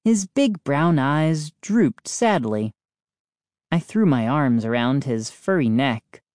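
A woman reading a storybook aloud in an expressive first-person narration. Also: extremely low pitch, slow, no room sound, clean studio sound. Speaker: audiobook narrator.

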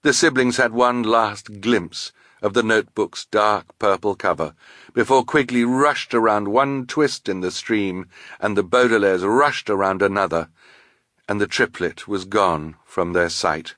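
A man reading a children's novel aloud in a measured storytelling manner. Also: on the low side, fairly bright tone, no room sound, studio quality. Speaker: audiobook narrator. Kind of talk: scripted narration.

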